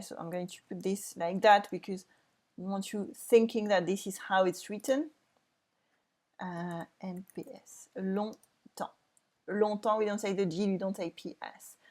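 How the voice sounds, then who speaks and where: A French woman in her thirties with a French accent teaches a reading lesson for learners, carefully repeating words and sounding them out. Her voice is medium-pitched and a little mellow.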